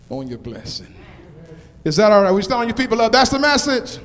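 A man preaching a sermon in a church, with call-and-response lines that build to shouted climaxes. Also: sits high, very animated, normal speed, pauses often. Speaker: pastor. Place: church sanctuary. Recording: long church reverb.

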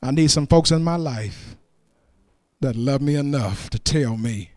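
A man preaching a sermon in church, chanting in a call-and-response style that swings between loud exclamations and hushed passages. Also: medium pitch, unhurried, no echo, studio quality. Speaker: pastor.

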